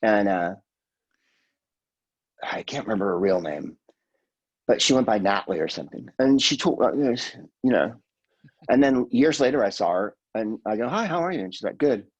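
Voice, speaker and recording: A man's voice: fairly low pitch, animated, moderate pace, long pauses, darkish tone, husky, highs cut off. A man in his sixties, a guest comedian, telling rambling, profane stories in casual podcast chat and slipping into quoted voices. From California, USA.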